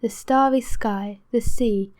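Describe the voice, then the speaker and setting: A woman narrating a classic novel for an audiobook, her voice sitting a little high. She keeps a measured, steady reading pace throughout. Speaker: audiobook reader.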